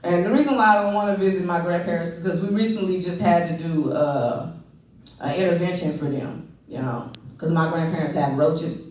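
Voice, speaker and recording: A man's voice: high voice, a little mellow. A male stand-up comedian doing loose, conversational stand-up in an empty comedy club, often laughing at his own jokes. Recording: very echoey empty club, mic far off.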